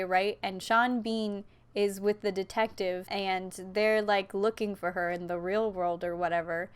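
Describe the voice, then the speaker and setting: A woman's voice: medium pitch, fairly bright tone, smooth. A woman giving a casual, profane, sarcastic recap of a horror movie as the host of her channel, tossing in mocking quoted lines. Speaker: video essay host.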